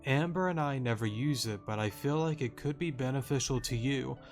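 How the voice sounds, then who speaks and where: A man reading the lines of a kind, grieving mother from a video game in a slow, plain voice. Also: mid-range voice, soft background music, lightly acted. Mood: hopeful. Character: kind grieving mother, adult woman, gentle and earnest.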